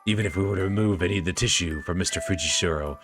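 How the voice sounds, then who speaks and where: A man plays a calculating physician from a visual novel, his voice low and even. He lays things out in a formal, detached manner. Faint music plays underneath. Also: rapid-fire, natural voice. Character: cold, calculating male physician, coolly formal.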